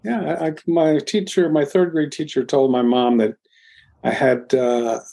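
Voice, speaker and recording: An older man from Philadelphia, a guest in an interview, telling his story in a rambling, halting way with many restarts. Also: on the high side, steady tone, gravelly, warm tone. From Philadelphia, USA. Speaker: guest, music producer.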